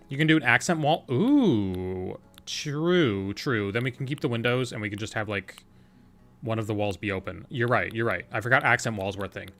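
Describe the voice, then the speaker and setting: A man's voice: on the low side, lively intonation, measured pace, a bit bright, faint music behind. A man casually commenting on his gameplay, thinking aloud in a chatty, playful way and answering his chat. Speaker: game streamer.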